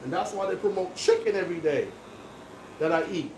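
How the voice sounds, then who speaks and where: While working as a barber, a man with a high, darkish-toned voice talks casually and briskly in an emphatic, lecturing monologue. He is recorded from a distance in an echoey room with background noise.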